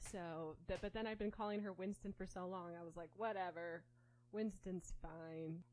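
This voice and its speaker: A woman's voice: medium pitch, fairly even intonation, normal speed, pauses often, darkish tone, a little hiss or hum, poor audio. A woman co-hosting a casual chat, talking playfully with lots of laughter and filler words.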